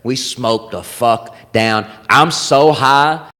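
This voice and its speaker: A man's voice: mid-range voice, takes it slowly. A man hosting a podcast, telling stories in a loose, profane, casual chat. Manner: animated, loose, swearing freely. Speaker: podcast host. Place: comedy club. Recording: long reverb in a club room.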